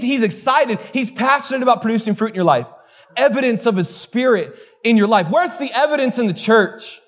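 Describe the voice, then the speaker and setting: Male pastor, high voice, lively pulpit delivery with loud peaks and soft asides; dull recording. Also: fairly quick. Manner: animated preaching, swinging from loud exclamations to low asides. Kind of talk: sermon.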